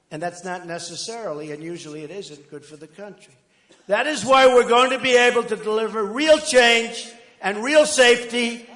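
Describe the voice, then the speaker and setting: An older man giving a rambling, boastful campaign rally speech, conversational with sudden loud bursts. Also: sits high. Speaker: political candidate at a rally. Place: large outdoor rally crowd. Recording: echoey rally PA with crowd ambience.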